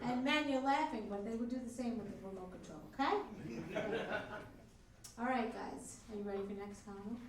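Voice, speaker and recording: A woman with a fairly high, slightly quick voice hosts a comedy club, tossing crude, self-mocking banter at a live crowd between acts. Her manner is brash. The recording is echoey, with a distant mic and crowd noise in the background.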